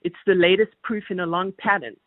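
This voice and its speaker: A woman's voice: lowish voice, steady tone, fairly quick, dry recording. A woman calling in to a radio show, making her argument in a firm, pointed way. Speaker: caller. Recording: tinny phone line.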